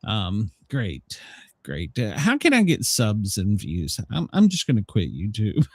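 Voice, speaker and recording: A man chats and jokes through a casual livestream show, his pitch swinging lively up and down. The sound is dry and close, with no room around it. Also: a little slow, slightly rough, no echo. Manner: joking, rambling, self-mocking. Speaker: co-host of a daily news talk show.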